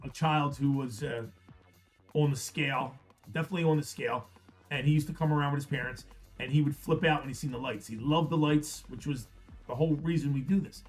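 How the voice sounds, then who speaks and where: A middle-aged man with a Philadelphia accent, telling a rambling story on a livestream, swearing freely and often restarting his sentences. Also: fairly high pitch. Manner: rambling, profane, frequent restarts. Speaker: card break host. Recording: faint music behind.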